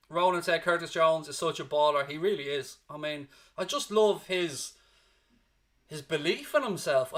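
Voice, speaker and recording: Tired guy hosting a fan stream after the match, reading chat, blunt and emotional, kinda high bright voice. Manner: emotional, blunt, rambles on tangents. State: exhausted. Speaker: fan channel host.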